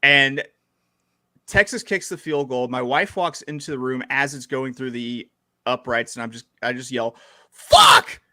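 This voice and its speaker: A man co-hosting a casual sports podcast, joking crudely and telling animated stories. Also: medium pitch, normal speed, dry recording, studio quality. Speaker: podcast co-host.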